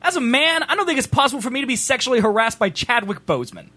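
Animated joking young man. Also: very high voice, racing, dry recording. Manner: joking, animated, laughs often. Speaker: podcast co-host. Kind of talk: casual banter.

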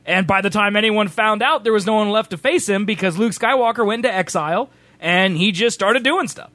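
Man, high voice, excitable stream co-host, laughs easily. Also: fairly quick, no echo. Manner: excitable, laughs a lot, acts out silly dialogue. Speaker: show co-host. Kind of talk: casual chat while gaming on stream.

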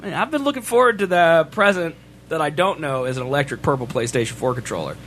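A man's voice: fairly high pitch, lively intonation, fast talker, a bit bright. A man co-hosting a livestream in casual banter, playful and laughing often as he talks to chat. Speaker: stream co-host.

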